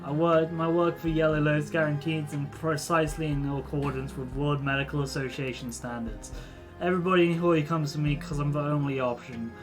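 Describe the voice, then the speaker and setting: A man's voice: fairly high pitch, steady tone, brisk, music in the background, close to an everyday voice. A man voicing a raucous, hungover cyborg street doctor in his forties who boasts and jokes, stumbling over his words.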